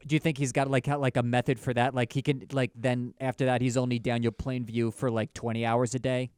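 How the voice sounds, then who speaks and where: Comedy podcast co-host, man, mid-pitched, animated banter, dry close mic. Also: fairly quick, clear, resonant tone, no room sound. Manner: animated, swearing, jokey asides. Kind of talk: casual comedic chat.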